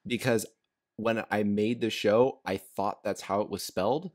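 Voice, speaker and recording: A man's voice: fairly low pitch, steady tone, unhurried, a little mellow. A man hosting a casual podcast chat, rambling along with frequent laughs and fillers. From United States. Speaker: podcast host.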